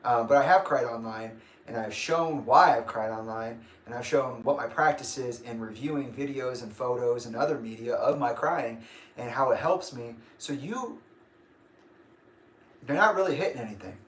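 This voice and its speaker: A man's voice: medium pitch, normal speed. A young man hosting a casual livestream, rambling and grumpy, laughing often. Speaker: livestream host. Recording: echoey room.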